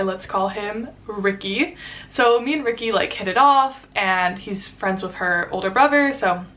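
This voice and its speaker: Her voice is mid-range and a touch bright. The young woman is vlogging a dating story in a chatty, casual style, speaking quickly with plenty of fillers and performing the quoted lines.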